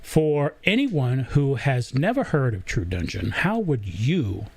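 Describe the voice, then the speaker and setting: A man's voice: medium pitch, sing-song, takes it slowly, darkish tone, a little hiss or hum. A middle-aged man hosting a casual live interview, joking and chatty with many fillers and restarts. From Southern US. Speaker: host.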